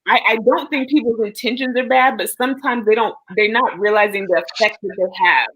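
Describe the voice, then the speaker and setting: A woman's voice: on the high side, brisk, fairly bright tone, breathy edge, rough recording. Earnest woman reassuring a friend. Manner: earnest, reassuring, talks at length. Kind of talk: casual supportive chat.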